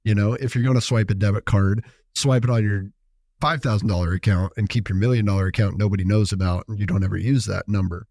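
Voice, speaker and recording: A man's voice: on the low side, steady tone, quick pace, dark tone, no echo, studio quality. Storytelling man co-hosting a podcast. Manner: storytelling, acts out dialogue. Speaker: podcast co-host. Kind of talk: casual podcast chat.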